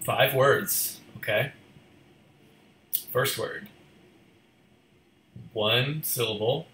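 Bright-voiced man, roomy sound. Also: mid-range voice, drawn-out words, slight background noise. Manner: laughing, playful guesser. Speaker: co-host of a live stream. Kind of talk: casual chat.

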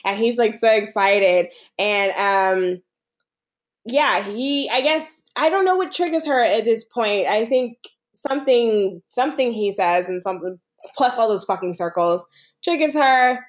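A woman with a high-leaning, animated voice speaks a little slowly as she co-hosts a podcast and casually recaps a film. She rambles, laughs often, and says "like" a lot.

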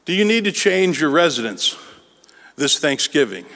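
An earnest male pastor delivers a sermon at a measured pace, drawing out the words he wants to land. His voice sits a little high. A long reverb trails behind him, as in a large church. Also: very animated, sharp tone. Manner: measured and earnest, with drawn-out emphasis.

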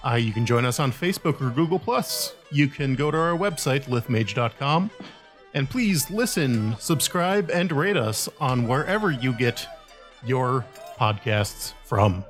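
A man hosting a tabletop role-play podcast, narrating the scene as game master in a calm, steady way. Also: medium pitch, unhurried, faint music behind.

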